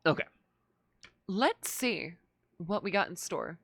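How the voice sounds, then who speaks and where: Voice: medium pitch, lively intonation, slow, a bit bright, no echo. A streamer giving casual live commentary, thinking aloud and often stammering into restarts.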